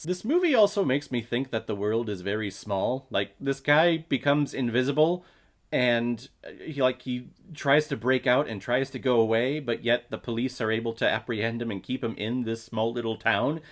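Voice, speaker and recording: Chatty male movie reviewer, lively and playful, casual vlog delivery. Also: medium pitch. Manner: jokey, chatty, with fillers.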